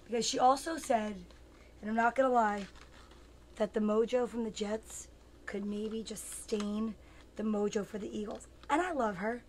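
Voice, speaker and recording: A fairly high, steady female voice at a moderate pace comes through with a little hiss or hum. The speaker, a comedian in her fifties, hosts her own show and chats with viewers by name, rambling, playful and self-mocking, in a casual comic live chat.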